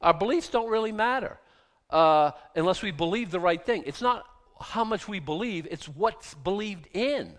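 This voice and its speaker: A man's voice: high-pitched, lively intonation, moderate pace. A man preaching a sermon, emphatic and sarcastic, firing rhetorical questions at the congregation. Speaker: pastor.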